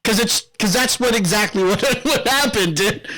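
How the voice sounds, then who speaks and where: A man's voice: high voice, normal speed, pushed and bright, low-quality recording. A young adult man co-hosting a casual podcast, rambling and profane, often breaking into laughter. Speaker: podcast co-host.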